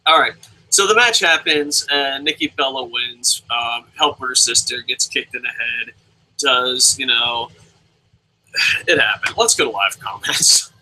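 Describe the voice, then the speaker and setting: A young man hosting a casual live review alone, reading viewer comments aloud and swearing freely as he jumps between loud outbursts and mumbled asides. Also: mid-range voice, a little slow, low-quality recording. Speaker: show host.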